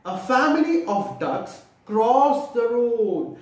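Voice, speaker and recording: A man's voice: very high-pitched, very animated, a little slow, few pauses. Man reading to children, echoey room. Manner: explains the pictures with questions to children. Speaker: storyteller for children. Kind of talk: children's read-aloud. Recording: echoey room, distant mic.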